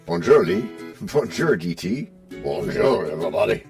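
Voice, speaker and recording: A man's voice: sits low, normal speed, gravelly, far from the mic, soft background music. A man hosting a podcast, bantering in a playful, teasing way. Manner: playful, teasing, lively delivery. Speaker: podcast host.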